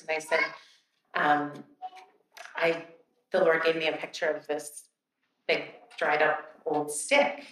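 A woman's voice: low voice, steady tone, moderate pace, fairly bright tone, a little hiss or hum. A woman telling her church about a prayer time, casual and hesitant with many fillers, reading a scripture aloud. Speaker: church member sharing a testimony. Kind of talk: testimony to a church. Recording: very echoey, distant from the mic.

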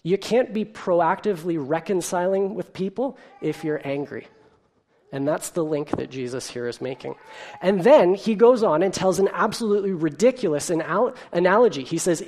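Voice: mid-range voice, normal speed. A pastor preaching a sermon, telling stories vividly and asking the congregation rhetorical questions, with the odd "um.". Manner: animated storytelling with rhetorical questions and filler ums.

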